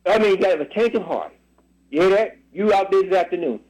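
Radio preacher, male, high lively voice, emphatic call-and-response scripture reading. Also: rough recording. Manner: drawn-out emphatic phrasing, repeated questions. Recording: radio broadcast.

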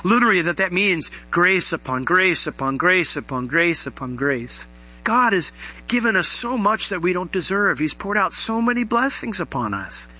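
Bright-voiced, animated male preacher. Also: sits high, normal speed, soft background music, poor audio. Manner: animated, rising to emphatic questions. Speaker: pastor. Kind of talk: sermon.

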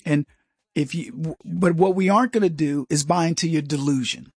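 Husky guy hosting his talk show, dry sound, rambles and does little voices. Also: on the high side, normal speed, no room sound. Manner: rambling, mimics other voices in anecdotes. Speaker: show host. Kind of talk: opinionated commentary.

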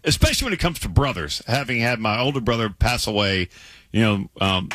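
A man co-hosting a sports radio show, talking in an animated, teasing way with stumbling restarts. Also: on the low side, a little fast, a little hiss or hum. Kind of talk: casual sports radio chat.

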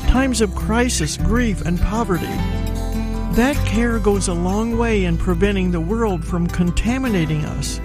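A woman reads a scripted devotional feature in a calm, measured way. Her voice sits at a middle pitch. Music plays clearly underneath.

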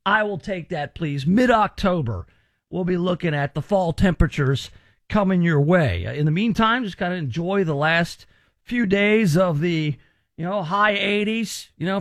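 A man's voice: sits high, no room sound, clean studio sound. A man in his thirties hosting a radio talk show, chatty and wry with rambling asides. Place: radio studio.

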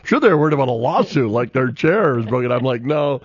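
A man's voice: mid-range voice, fast talker, hardly any pauses, dry recording. A man hosting a sports radio show, telling stories animatedly and laughing often. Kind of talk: casual sports radio chat. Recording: dull, dry studio sound.

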